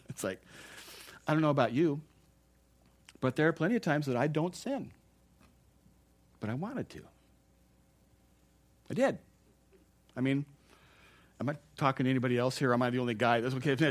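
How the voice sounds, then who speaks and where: A middle-aged man, a pastor giving a sermon, telling stories in an animated way and chuckling between points. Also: mid-range voice, measured pace, pauses often. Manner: animated storytelling, chuckling and exclaiming.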